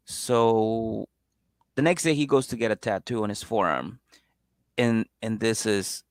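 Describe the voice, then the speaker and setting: In a lowish voice and at a slightly slow pace, a podcast co-host goes over a reality show in casual conversation, laughing often, cursing, and performing the quotes of the people involved like an animated storyteller. The sound is clean studio audio with no room sound.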